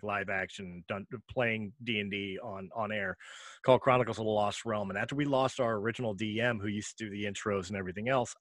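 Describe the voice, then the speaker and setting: A man's voice: lowish voice, fairly bright tone, no echo. A man hosting a podcast, asking questions casually and stumbling over his words in a friendly way. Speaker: podcast host. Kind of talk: casual chat.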